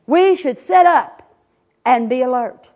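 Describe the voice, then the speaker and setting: Very high-voiced woman preaching. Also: animated, dark tone. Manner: folksy, drawn-out storytelling with lowered, solemn emphasis. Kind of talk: sermon with a told joke.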